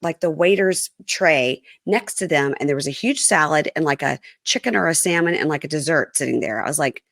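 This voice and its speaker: A woman's voice: low-pitched, brisk, vocal fry, fairly bright tone, no echo, clean studio sound. A woman hosting a casual podcast chat, retelling reality show scenes and quoting the people in them. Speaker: podcast host.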